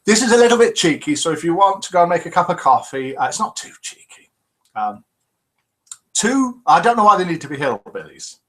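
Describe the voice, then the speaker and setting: A man's voice: high-pitched, very animated, fairly quick. A man hosting a live chat show, reading out viewer comments and telling jokes in a chatty, teasing way.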